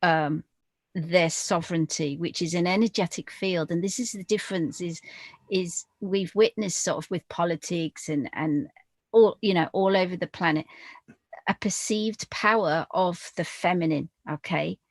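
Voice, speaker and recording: A woman talking slowly and deliberately as a guest in a spiritual podcast conversation. Her lowish voice has a gravelly fry. She pauses often, with fillers between her phrases. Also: dry recording. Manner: slow, deliberate, hesitant with fillers.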